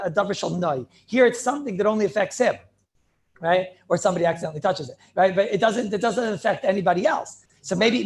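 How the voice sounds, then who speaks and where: A middle-aged man teaching an informal Talmud class, talking in a conversational, repetitive way and dropping in Hebrew and Yiddish terms. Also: high voice. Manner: conversational, repeats himself, peppers speech with Hebrew and Yiddish terms. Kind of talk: informal yeshiva shiur with student questions.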